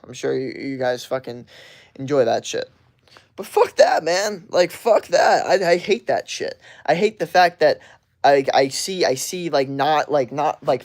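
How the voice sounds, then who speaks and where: A young man streaming from his bedroom, venting in a profane, frustrated casual rant. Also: fairly high pitch. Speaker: live streamer.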